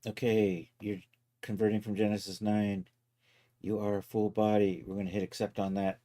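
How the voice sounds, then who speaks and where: A man casually talking himself through each step of a software task on a live stream, loose and self-mocking. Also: on the low side, level tone, normal speed. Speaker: livestreaming 3D content creator.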